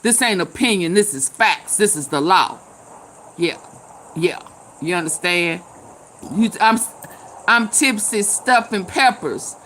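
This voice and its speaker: A tipsy woman, hosting a casual live chat, loud and laughing, swearing and calling out viewers by name. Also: medium pitch, lively intonation, slow, pauses often, slight background noise. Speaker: live stream host.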